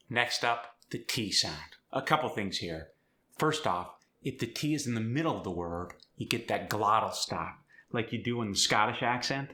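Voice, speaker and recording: A man's voice: on the low side, bright, forceful tone. A man teaching an in an upbeat, step-by-step tutorial. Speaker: accent coach. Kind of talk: instructional tutorial.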